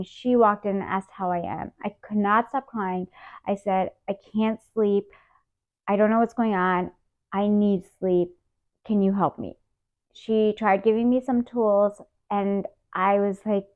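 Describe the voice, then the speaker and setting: A woman in her thirties, an interview guest, candidly recounting a hard personal experience and acting out the dialogue. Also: medium pitch. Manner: emotional, animated retelling with quoted dialogue. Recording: tinny phone-like sound.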